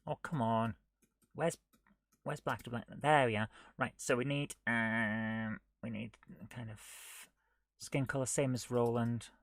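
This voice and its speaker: Male streamer, unhurried self-talk, close dry sound, drifts into mutters and scolds his tools. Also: mid-range voice, fairly even intonation, no echo. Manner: muttering to himself while he works, often dropping to a near whisper; chatty and self-mocking, scolding the software. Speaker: streamer coding a retro game live. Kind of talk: live coding stream commentary.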